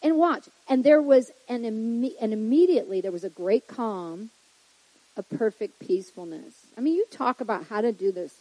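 A woman delivers a casual, joking sermon, turning to the congregation again and again. Her voice sits a little high with a husky grain. The sound is dry and close. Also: expressive, moderate pace, dark tone, no echo, poor audio. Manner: chatty, joking, with frequent asides to the congregation. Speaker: preacher. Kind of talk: humorous sermon.

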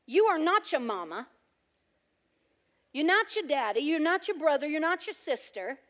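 Woman preacher with a high voice, loud and emphatic, playful humor. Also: big pitch swings, moderate pace. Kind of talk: sermon.

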